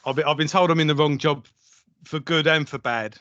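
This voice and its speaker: A man's voice: a little high, fairly quick, fairly bright tone, no echo. A man co-hosting a podcast, telling stories in a sweary, chatty way with plenty of laughter. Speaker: podcast co-host. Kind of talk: casual chat. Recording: dry, slightly dull lo-fi sound.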